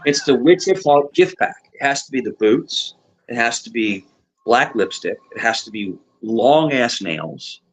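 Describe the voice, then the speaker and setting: A man hosting a livestream chat, excitable, repeating his lines and swearing a lot. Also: mid-range voice, a little slow, low-quality recording. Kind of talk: casual group chat.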